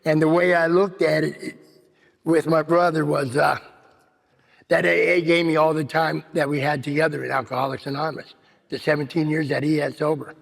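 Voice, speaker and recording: A man's voice: on the high side, level tone, fairly quick, gravelly. A man giving a rambling personal recovery share at a meeting, full of "you know what I mean.". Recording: long hall reverb.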